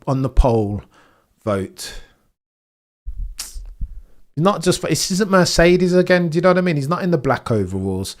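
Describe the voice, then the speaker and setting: Animated British man commentating live. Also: a little high, moderate pace, pauses often. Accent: British English. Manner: animated, swinging between excited shouts and deflated mutters; reads and answers chat. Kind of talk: live watch-along commentary.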